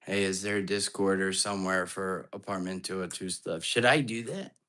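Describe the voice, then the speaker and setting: A man's voice: low voice, normal speed, sharp tone. Jumpy man chatting on a night livestream. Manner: chatty, jumpy, talks straight to his chat. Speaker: live-stream ghost hunter host. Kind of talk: casual live-stream chat. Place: apartment indoors at night.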